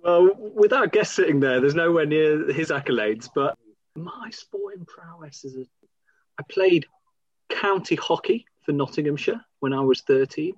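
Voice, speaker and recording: A man's voice: fairly high pitch, expressive, moderate pace, dry recording, muffled recording. A man in his thirties from England, co-hosting a podcast in easy, friendly chat and laughing easily. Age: 30s. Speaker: podcast co-host. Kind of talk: casual chat. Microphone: new home microphone.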